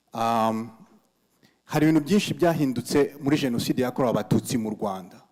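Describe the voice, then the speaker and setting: A man's voice: mid-range voice, a little mellow. A man moderating a memorial gathering, speaking emphatically, repeating key phrases and mixing Kinyarwanda, English and French.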